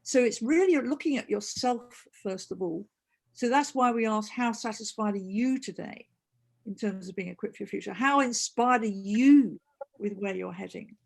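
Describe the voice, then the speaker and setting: Woman with a gravelly voice. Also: medium pitch, moderate pace, a little mellow. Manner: earnest, restarts phrases often. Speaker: co-host and consultant. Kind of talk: webinar discussion.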